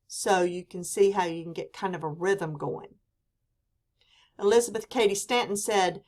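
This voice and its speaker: A woman teacher giving a classroom lecture, speaking deliberately and reading quoted examples with emphasis. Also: medium pitch.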